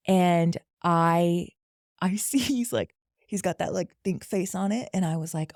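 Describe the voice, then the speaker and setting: A woman's voice: lowish voice, brisk, a little mellow, no echo, clean studio sound. A young adult woman casually telling a candid, profane story, laughing as she goes. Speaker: podcast guest.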